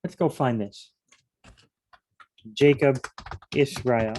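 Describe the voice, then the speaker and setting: A Bible study teacher with a medium-pitched voice speaks slowly over slight background noise. Studying scripture alone, he reads verses aloud and then muses and questions them conversationally, more informal study than sermon.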